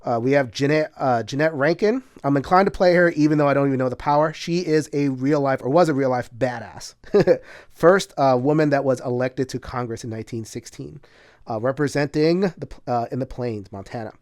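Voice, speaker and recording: A man's voice: medium pitch, fairly quick, no echo, studio quality. Chatty man explaining a board game. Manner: chatty, many "uh" fillers, bursts of laughter. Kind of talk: casual solo playthrough commentary.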